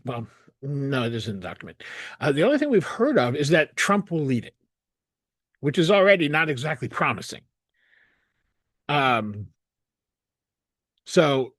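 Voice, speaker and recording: Male analysis host, emphatic and scornful, restarts often, lively delivery, dead-dry room. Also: fairly high pitch, no room sound. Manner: indignant, sarcastic, emphatic with frequent restarts. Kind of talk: solo commentary reading and critiquing a document.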